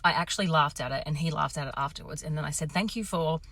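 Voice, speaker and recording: Brief: woman in her thirties, low voice, candid and animated coach vlogging, dry close sound. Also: quick pace, no echo. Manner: animated, swearing, acts out quotes. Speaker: confidence coach. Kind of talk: casual storytelling to camera.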